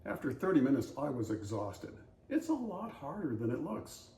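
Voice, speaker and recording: A man's voice: medium pitch, sing-song, normal speed, darkish tone, echoey room, rough recording. An older man from Southern California who tells anecdotes in an easygoing, wry, anecdotal way and reads a passage aloud for a voice-over audition. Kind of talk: casual storytelling and read-aloud passage.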